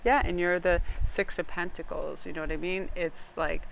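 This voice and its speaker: A woman's voice: on the low side, steady tone, moderate pace, creaky, slight background noise, rough recording. A woman giving a chatty tarot reading to camera, joking and laughing often as she talks. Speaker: tarot card reader. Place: outdoors. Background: faint crickets and insects.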